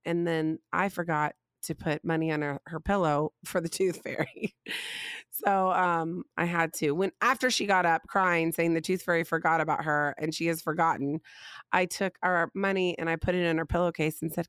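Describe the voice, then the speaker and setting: A woman, hosting a podcast and telling a funny family story in a casual, animated way. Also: lowish voice, fairly quick, smooth, no room sound. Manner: animated, laughing, rising emphasis on punchlines. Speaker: podcast host.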